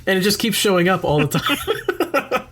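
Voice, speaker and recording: A man's voice: sits high, wildly swooping pitch, measured pace, a bit bright, slightly rough. A man co-hosting a podcast in casual chat, making dry jokes and swearing casually. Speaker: podcast co-host.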